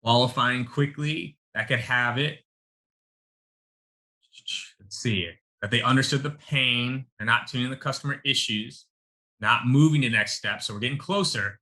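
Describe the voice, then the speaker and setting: Punchy bright-voiced male sales coach. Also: medium pitch, normal speed. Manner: emphatic, punchy, addresses audience as y'all. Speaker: sales coach presenting a webinar. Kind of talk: energetic live webinar teaching.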